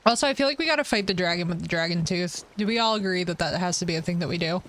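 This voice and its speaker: This American woman streamer speaks in a lowish, fairly bright voice, firing off words rapidly with few pauses, and there's a slight hiss or hum on the recording. While gaming live, she chats playfully, reads out messages from her chat and teases viewers with jokes.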